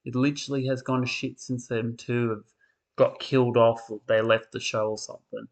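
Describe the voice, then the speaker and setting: A man's voice: mid-range voice, level tone, moderate pace. A man, perhaps, ranting in casual commentary, tired and exasperated, with mocking impressions of characters. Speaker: soap opera commentator.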